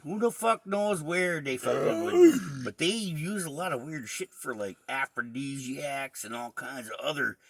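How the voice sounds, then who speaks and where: A man's voice: a little high, sing-song, measured pace, creaky, hardly any pauses, a bit bright. A man in casual podcast chat, telling crude, profane stories and laughing often.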